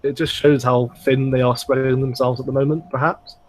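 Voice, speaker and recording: A man's voice: mid-range voice, level tone, fairly quick. A man hosting a podcast, giving blunt, critical opinions on games in casual chat. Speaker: podcast host.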